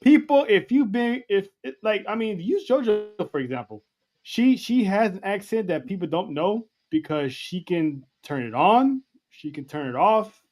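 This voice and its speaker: A man's voice: sits high, expressive, normal speed, darkish tone. A man co-hosting a wrestling podcast, making his points emphatically and repeating words as he takes the floor. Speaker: podcast co-host. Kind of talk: casual chat.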